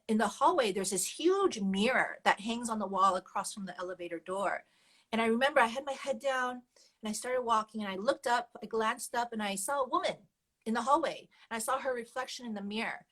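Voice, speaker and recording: A woman's voice: mid-range voice, fairly bright tone, rough recording. A woman guest telling her personal story candidly and animatedly, laughing often as she goes.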